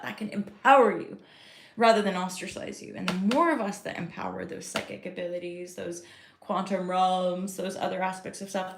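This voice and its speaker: A woman giving a casual live tarot reading, rambling and chatty as she talks to her viewers. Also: mid-range voice. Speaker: tarot reader and host. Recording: roomy echo.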